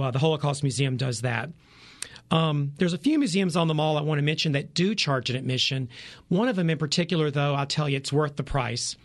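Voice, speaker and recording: Gravelly, enthusiastic man in his forties. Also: fairly high pitch. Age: 40s. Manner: enthusiastic, many fillers. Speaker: travel reporter. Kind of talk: radio interview.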